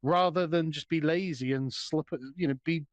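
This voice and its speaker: A man on a casual reaction stream, animated and quick to joke, stammering as he builds up a point. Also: a little high, no echo. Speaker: stream co-host. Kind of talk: casual group reaction chat.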